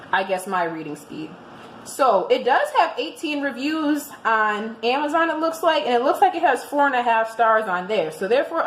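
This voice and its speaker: Lively, chatty woman reviewing a book. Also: a little high, slight background noise. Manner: chatty and expressive, restarts often. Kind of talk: casual book review vlog. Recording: roomy echoing room.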